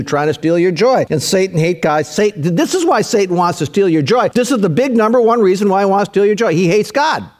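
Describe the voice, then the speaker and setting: A man's voice: on the high side, darkish tone. A middle-aged man preaching a sermon with emphatic delivery, repeating key phrases for weight. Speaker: pastor.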